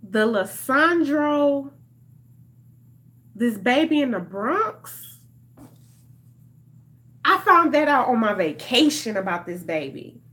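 High-voiced woman, impassioned vlogger. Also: very animated, slow, long pauses, fairly bright tone. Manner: impassioned, talks straight to viewers as "y'all". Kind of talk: emotional direct-to-camera commentary.

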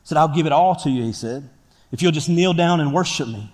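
A pastor preaching a sermon to his church, swinging from quiet talk to loud shouting. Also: a little high, brisk. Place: church sanctuary. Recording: church hall reverb.

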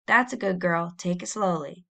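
A woman voicing a brave, earnest young pioneer girl who pleads urgently and speaks slowly and deliberately, in an audiobook reading. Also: on the low side, vocal fry, fairly bright tone. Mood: soothing. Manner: pleading, insistent, slow and deliberate when explaining.

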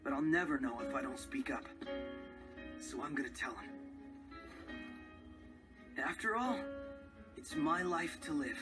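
A man's voice: a little high, expressive, a little slow, pauses often, over music. An actor playing a cheerful, earnest young male sharpshooter in video game cutscene dialogue. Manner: earnest, sincere.

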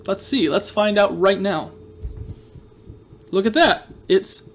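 High-voiced, jokey gaming host man. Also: measured pace, fairly bright tone, slight background noise. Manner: jokey, rambling, playfully sarcastic. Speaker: Minecraft let's-play host. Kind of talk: casual gameplay commentary.

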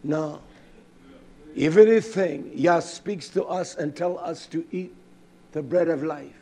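A high-voiced male preacher with a husky, slightly breathy tone delivers a fiery sermon at an unhurried pace. He swings between impassioned shouting and hushed, quiet stretches.

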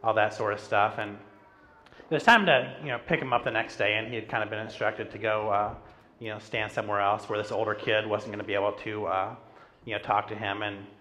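A middle-aged pastor preaches in a relaxed, chatty way, telling a story on himself with plenty of "like" and "you know". His voice is bright and ringing. A faint hum of the room sits behind him. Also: on the low side, brisk. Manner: conversational, self-deprecating storytelling with frequent "like". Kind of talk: sermon with personal stories. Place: church sanctuary.

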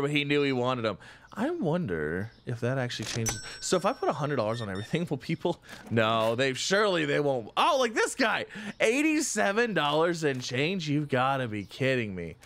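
A man hosting a casual let's-play, chatty and excitable, thinking aloud with frequent exclamations. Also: mid-range voice, slight background noise. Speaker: gaming channel host.

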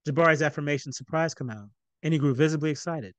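Male author narrating his novel, fairly high voice, dry close sound. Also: fast talker, no echo. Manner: even, storytelling narration. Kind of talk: reading his novel aloud.

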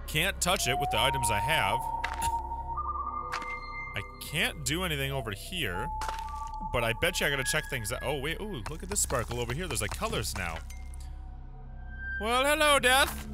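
A young man giving animated, jumpy commentary while playing a horror game, often exclaiming and laughing. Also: medium pitch, moderate pace. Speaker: let's play gamer. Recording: music loud behind voice. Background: game music.

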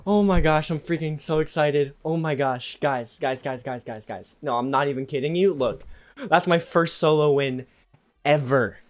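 A young man giving excitable live commentary over his own video game match, repeating himself under pressure. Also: fairly high pitch, normal speed, faint music behind. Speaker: gaming youtuber.

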